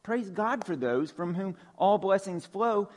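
Conversational male preacher with a high-ish voice. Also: animated, a little slow. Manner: conversational preaching with frequent fillers. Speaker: pastor. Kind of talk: sermon. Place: church sanctuary.

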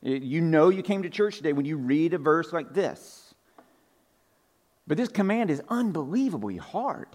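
A man with a slightly raised pitch preaches to his congregation in a church. His delivery is loose and conversational, full of casual fillers, and he circles back to restate each point. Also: big pitch swings, normal speed, darkish tone. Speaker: pastor. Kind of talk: conversational sermon. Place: church sanctuary.

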